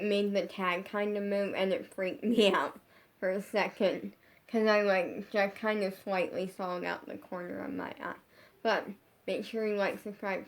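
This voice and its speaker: A woman talks straight to her followers in a casual storytime vlog from her bedroom. Her sentences wander and restart, padded with 'like' at every turn, at an ordinary mid pitch. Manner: rambling, heavy use of 'like', frequent restarts. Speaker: social media creator.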